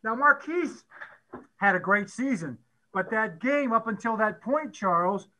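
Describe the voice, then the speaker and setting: Brief: middle-aged man, football coach, lively storyteller who plays out quotes; higher pitch, bright edge. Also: unhurried, poor audio. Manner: animated storyteller who acts out quotes and laughs often. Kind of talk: storytelling at a conference talk.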